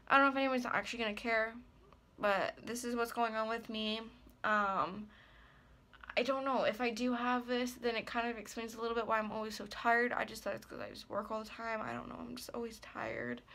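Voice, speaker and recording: In a personal vlog, a woman in her twenties speaks hesitantly and anxiously, trailing off and using lots of fillers as she rambles. Her voice is on the high side with a sharp tone. She is an ASMR creator, and she sounds worried and upset.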